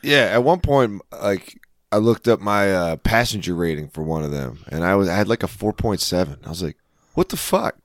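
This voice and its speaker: Brief: casual podcast co-host, man, laid-back joking banter, very low voice, dry close mic. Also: a little fast, no room sound. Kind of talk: casual chat.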